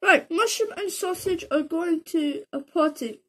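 A woman's voice: extremely high pitch, measured pace, pushed and bright. A woman giving casual, chatty commentary as she plays a game, joking about herself and tossing in slang like "bro" and "man". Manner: chatty, self-mocking, talks to herself while playing. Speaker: gaming video creator.

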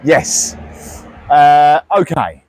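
A man's voice: fairly high pitch, big pitch swings, extremely slow, dry recording. A man hosting a car walkaround, joking and teasing his co-host in playful banter.

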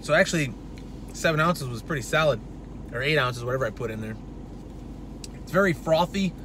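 A man's voice: a little high, animated, a little fast, noisy background. A man giving a casual, profane product review in a brash, loose way. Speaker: supplement reviewer.

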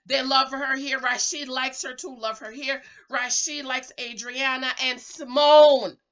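A middle-aged woman giving a casual, sassy recap of a reality show and breaking into loud exclamations. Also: high-pitched, steady tone, measured pace, highs cut off.

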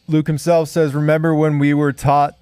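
A man reading viewer comments aloud on a podcast in a loud, announcing way. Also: fairly high pitch, little pitch movement, normal speed, smooth, no room sound, studio quality.

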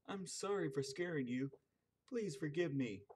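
Guy doing a squeaky shy little man, stammery and timid. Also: expressive, measured pace, a little mellow, breathy edge. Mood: pleading.

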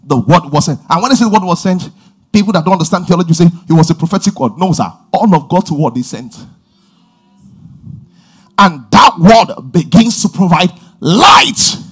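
A man preaching a sermon as pastor, emphatic, often shouting and stretching words out, repeating phrases and calling out praise. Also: sits high, animated, normal speed, breathy edge.

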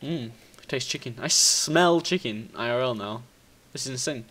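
A man talks his way through a video game, muttering plans to himself and swearing when things go wrong. He keeps an unhurried pace, then jumps up into bright, squealing bursts of excitement. His voice is lively, swinging widely in pitch, and slightly high. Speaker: gaming video host. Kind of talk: casual gameplay commentary.

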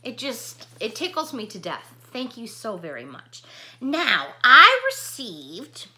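A woman's voice: fairly high pitch, huge pitch swings, slow pace, pushed and bright. A middle-aged woman vlogger chatting casually to camera, gushing and emotional with chatty asides. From United States.

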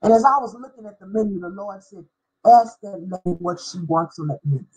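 A middle-aged woman, a former schoolteacher, telling a personal faith story with deep feeling and spelling out words for emphasis. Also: brisk, a little mellow, breathy edge, rough recording. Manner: emotional, spells out words, sings briefly. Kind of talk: personal testimony.

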